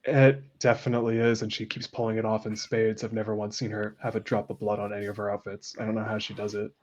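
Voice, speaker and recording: A man's voice: on the low side, level tone, fast, darkish tone, a little hiss or hum. A man narrating scenes as game master in a tabletop game, descriptive, amused and loose. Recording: dull lo-fi sound.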